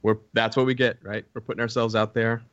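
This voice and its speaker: A man's voice: fairly low pitch, level tone, fast, a bit bright, dry recording, dull audio. A man running a tabletop game, chatting casually and encouragingly with his players after a stream. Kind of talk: casual post-game chat.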